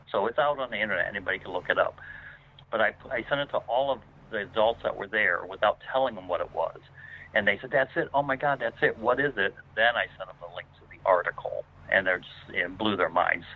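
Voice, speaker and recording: A man's voice: on the low side, a little hiss or hum. A man telling a personal story as a guest, rambling with many fillers and restarts. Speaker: guest paranormal investigator. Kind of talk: casual spoken storytelling. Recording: tinny phone line.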